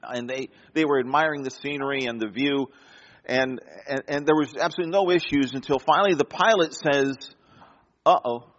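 A man preaching a sermon, telling a story with dramatic pauses and soft drops in his voice. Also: mid-range voice, long reverb tail, dull audio. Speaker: pastor.

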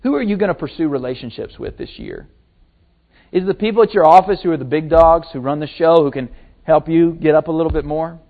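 A man preaching a sermon, retelling a story with lively acted-out quotes. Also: fairly high pitch, fairly quick. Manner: animated storytelling, acting out quotes. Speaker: pastor. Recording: tinny phone-like sermon recording.

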